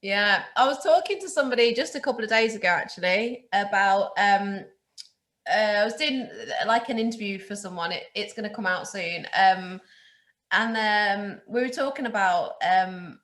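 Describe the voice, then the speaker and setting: A woman electrician hosting a podcast, chatty and quick to agree with and encourage her guest. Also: mid-range voice, fairly bright tone. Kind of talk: casual chat. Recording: roomy echo.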